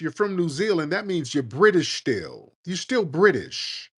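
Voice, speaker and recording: A man's voice: fairly high pitch, very animated, a little slow, few pauses, fairly bright tone, slightly rough. A man hosting a call-in show, arguing bluntly and combatively and cursing freely. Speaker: show host. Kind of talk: heated live call-in debate.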